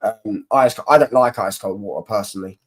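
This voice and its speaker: A man's voice: fairly low pitch, fairly quick, slightly rough. A young man hosting a casual football live stream, reading chat comments and mocking rival fans in rambling, slangy banter.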